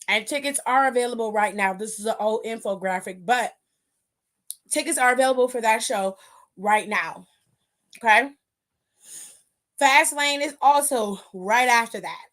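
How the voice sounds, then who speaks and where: A woman's voice: on the high side, fairly bright tone. A young woman hosting a casual wrestling aftershow stream, sassy and chatty, talking back to her chat and calling viewers pet names.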